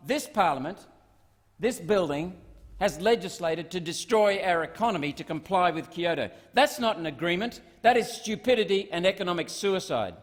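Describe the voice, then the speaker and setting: Man, Australian accent, parliamentary speech, combative rhetorical questions, highish pitch, long hall echo. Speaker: senator. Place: parliament chamber. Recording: long reverb of a large chamber.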